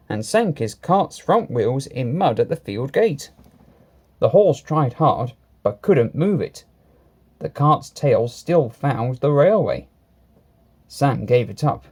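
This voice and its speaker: A man reading a children's railway story aloud, lively and expressive. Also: mid-range voice, husky.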